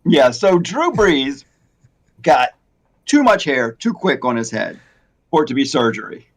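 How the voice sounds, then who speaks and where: A man's voice: fairly high pitch, sing-song, measured pace. A man and longtime hair replacement stylist in a casual chat, rambling a little and laughing often.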